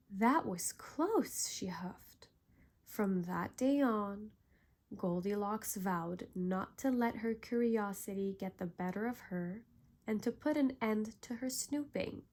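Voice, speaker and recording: Slow, gentle woman telling a bedtime story. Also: mid-range voice. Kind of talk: soothing bedtime story narration.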